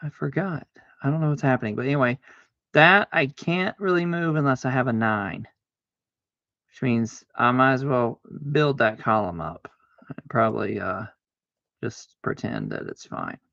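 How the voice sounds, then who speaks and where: A man streaming a card game, chatting casually to himself, arguing back and forth aloud with sudden excited exclamations. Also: medium pitch, moderate pace, gravelly, no room sound, dull audio. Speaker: livestreamer playing solitaire. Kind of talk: casual self-talk while gaming.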